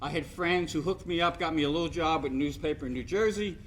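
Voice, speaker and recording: A man's voice: fairly high pitch, fast talker, a little hiss or hum. A man gives a rambling, joking hall of fame speech full of anecdotes. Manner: rambling storyteller, self-deprecating jokes. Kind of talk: after-dinner speech with anecdotes.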